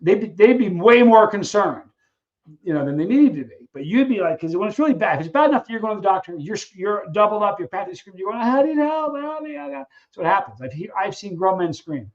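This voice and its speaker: A man hosts a casual live question-and-answer stream and speaks in a fairly high voice. He tells stories in an animated way, acting out the voices of people in them and often stumbling into restarts. The audio is a little dull and lo-fi. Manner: animated storyteller who acts out scenes, halting restarts. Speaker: livestream host answering viewer questions.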